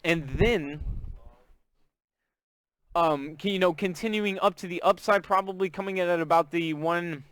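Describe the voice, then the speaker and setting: A man's voice: sits high, measured pace, pauses often, a bit bright, no echo. A man from Texas with a Southern accent, hosting a live trading stream in casual, chatty talk and greeting viewers by name. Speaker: forex trading stream host.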